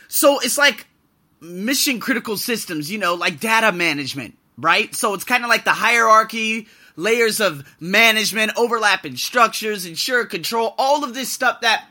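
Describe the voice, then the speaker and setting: A man's voice: sits high, pushed and bright. A man hosting a casual podcast monologue, ranting bluntly about his job and swearing freely. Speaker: podcast host and English teacher. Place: living and working abroad.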